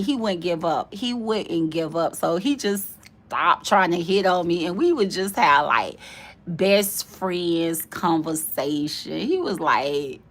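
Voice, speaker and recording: Animated gravelly woman telling a story. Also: on the low side. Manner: animated, laughing, mimics voices in quotes. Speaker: host. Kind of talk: casual storytelling.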